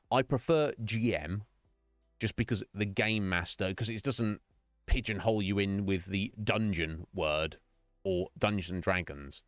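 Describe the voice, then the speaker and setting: A male streamer rambling through viewer questions in a relaxed, reflective way. His voice sits low but moves with lively swings in pitch, and the sound is dry and close. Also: dry recording. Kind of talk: casual chat with viewers.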